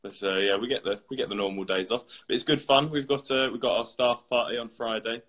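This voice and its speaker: Husky-voiced man hosting a casual chat. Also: medium pitch, fairly even intonation, quick pace, a bit bright, rough recording. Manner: easygoing, hesitant with fillers. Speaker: host.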